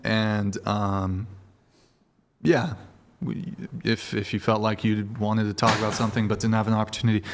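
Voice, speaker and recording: A man's voice: fairly low pitch, fairly even intonation, moderate pace, slight background noise. A man hosting a live-streamed talk show, loose and rambling, swearing now and then and laughing a lot. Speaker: show host.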